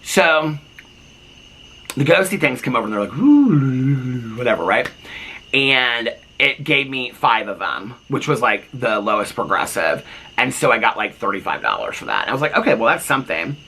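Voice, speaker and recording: A man's voice: medium pitch, normal speed, creaky, a little hiss or hum. A man telling a long casual story on his vlog, chatty and full of asides, on a front porch. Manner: animated, chatty, lots of fillers and asides. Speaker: vlogger.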